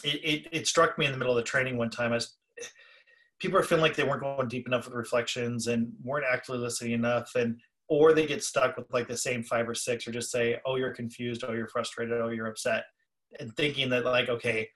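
Male podcast co-host and trainer, mid pitch, conversational storyteller. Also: steady tone, fast talker, a bit bright. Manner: storytelling, acts out quoted callers.

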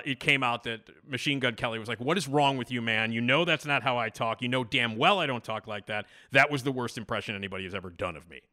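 A man's voice: mid-range voice, bright, forceful tone. A man hosting a casual podcast monologue, rambling, blunt and opinionated. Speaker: podcast host.

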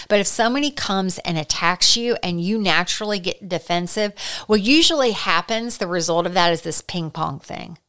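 A middle-aged woman giving an earnest, conversational Christian teaching, slowing down to stress key points. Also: on the low side, fairly bright tone, smooth. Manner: earnest, slows down for emphasis. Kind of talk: conversational sermon.

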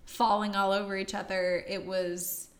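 A woman's voice: mid-range voice, flat delivery, measured pace. Chatty lady reviewing a movie, giggly, lots of trailing off, roomy echo. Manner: chatty, laughs often, trails off mid-sentence. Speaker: podcast co-host. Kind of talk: casual movie review chat.

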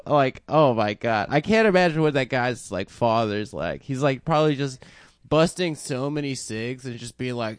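A man's voice: medium pitch, animated, normal speed, smooth, no room sound, studio quality. A young man co-hosting a casual chat, telling rambling stories and laughing often. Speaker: podcast co-host.

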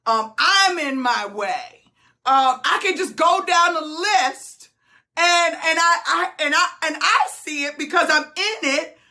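Lady coach all fired up, teary, keeps repeating herself, bright sharp voice. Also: very high voice, measured pace. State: tearful. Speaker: business coach hosting a group Q&A call. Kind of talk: impassioned motivational talk.

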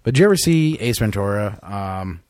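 Over clean studio sound with no echo, a podcast co-host with a fairly low, deep voice talks at normal speed, sick yet lively. His casual stories come loaded with swearing.

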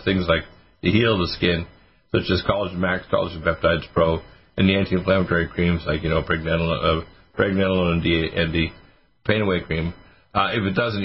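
A man with a deep, slightly raspy voice talks as a radio health doctor. He rambles through long lists of remedies, filling pauses with "uh". The audio is muffled and lo-fi. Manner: rambling, lists supplements with many fillers. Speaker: doctor answering listener questions. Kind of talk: casual radio call-in advice.

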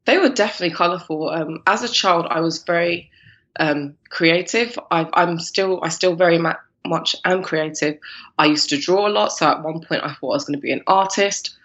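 A woman's voice: lowish voice, moderate pace, dull audio. A woman from London with a London accent, a guest talking casually in an interview, chatty and laughing often. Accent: London English. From London, England. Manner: chatty, laughs often, animated when quoting people. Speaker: guest, cupcake business founder.

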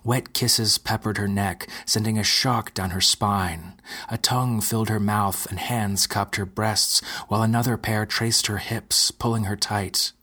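Deep husky guy reading a dark story, steady and measured. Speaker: narrator. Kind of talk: scripted narration.

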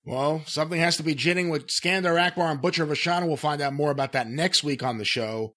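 A man's voice: fairly high pitch, brisk. A man co-hosting a casual podcast, reviewing old matches and reading out the show's plugs. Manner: relaxed, wraps up with plugs. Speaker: podcast co-host.

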